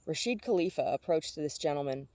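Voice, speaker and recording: A woman reads a novel aloud, steady and even. Her voice is mellow and warm, recorded dry and close. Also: low voice, brisk, dry recording. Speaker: audiobook reader.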